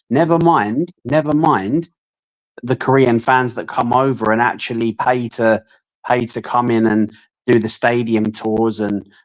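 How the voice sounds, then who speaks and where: A man co-hosting a casual fan stream, talking at length in measured, opinionated stretches. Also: mid-range voice, rough recording. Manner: long opinionated monologues, measured. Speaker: podcast co-host.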